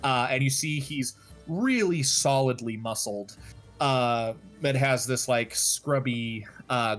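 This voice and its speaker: A man's voice: medium pitch, a bit bright. A man narrating a tabletop game as game master, hesitating often with fillers.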